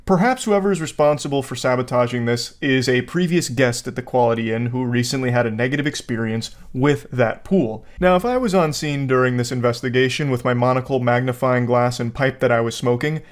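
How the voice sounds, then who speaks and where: A man giving casual comedic commentary, joking in a deadpan, mock-serious way. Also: mid-range voice, brisk, hardly any pauses. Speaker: online commentator.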